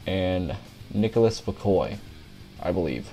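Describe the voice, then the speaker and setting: A man's voice: lowish voice, moderate pace, darkish tone, faint music behind. A young man commentating a pretend race, out of breath and tired, rambling and tripping over names.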